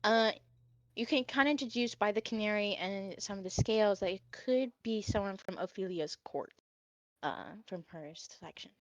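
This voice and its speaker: A woman's voice: mid-range voice, moderate pace, no room sound, dull audio. A woman running a tabletop game. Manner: relaxed, with fillers and laughs. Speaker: game master.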